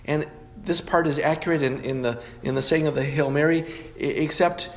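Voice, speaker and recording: A man preaching through a bible passage in a teaching sermon, his voice sitting a bit high for a man. He often stops to correct a word before going on. Faint noise sits behind him. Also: fairly even intonation, moderate pace. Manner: teaching through scripture with frequent self-corrections. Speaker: pastor.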